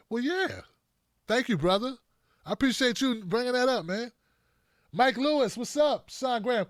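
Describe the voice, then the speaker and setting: A man's voice: high voice, expressive, normal speed, no room sound, clean studio sound. A man hosting a live political commentary stream, talking bluntly and mockingly off the cuff. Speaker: host.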